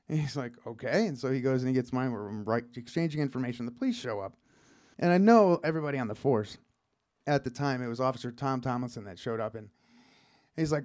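A man's voice: medium pitch, expressive, a little fast, darkish tone. A man in his fifties telling a wry personal story on stage, acting out the quoted lines. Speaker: storyteller and show host.

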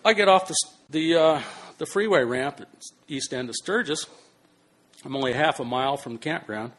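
Older man telling a lively anecdote. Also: on the high side, normal speed, slight background noise. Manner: animated, swings between hushed and loud, swears casually. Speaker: storyteller. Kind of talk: spoken personal anecdote.

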